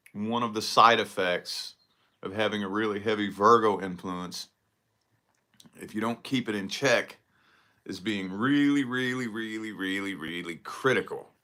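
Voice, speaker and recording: A man's voice: on the low side, sharp tone. A man talking casually to camera in a solo vlog, rambling and swearing freely as he picks apart his own habits. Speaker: vlogger.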